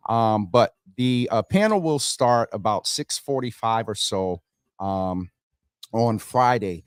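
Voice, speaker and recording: A man's voice: medium pitch, expressive, normal speed, dry recording, clean studio sound. A man hosting a casual morning livestream, chatting and greeting viewers by name as they join. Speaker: livestream host.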